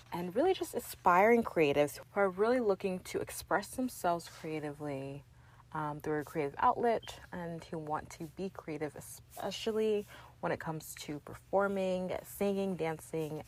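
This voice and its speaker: A young woman hosting her own podcast, talking earnestly and encouragingly straight to the listener in a loose, chatty way. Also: on the low side. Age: young adult. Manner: loose and talky, with fillers and restarts. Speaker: podcast host. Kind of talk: casual solo podcast chat.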